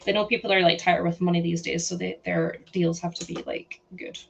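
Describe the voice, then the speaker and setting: Gravelly-voiced woman streamer. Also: fairly low pitch, level tone, a little fast, dull audio, a little hiss or hum. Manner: chatty, giggly, reacts to chat aloud. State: sore throat. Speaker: livestream host. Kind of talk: casual livestream chat while building. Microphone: headset.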